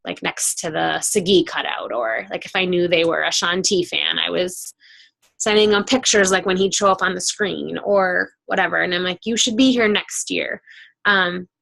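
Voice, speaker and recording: A woman's voice: on the low side, normal speed, gravelly, fairly bright tone. A woman hosting a team video call, telling stories in a casual, chatty way with many fillers. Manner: chatty, filler-heavy storytelling.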